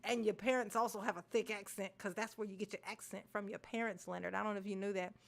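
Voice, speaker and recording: A woman's voice: medium pitch, fairly even intonation, fast talker, gravelly. A woman from Maryland hosting a reaction video, ranting animatedly with swearing and laughter. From Maryland, USA. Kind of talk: casual reaction commentary.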